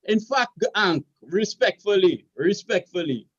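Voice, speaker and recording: A man's voice: high-pitched, lively intonation, unhurried, fairly bright tone, muffled recording. A man with a Caribbean accent, explaining his point in an earnest, lecturing way and checking in with "right?" as he goes. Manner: lecturing, repeats "right?" often. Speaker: podcast co-host. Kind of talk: earnest casual debate.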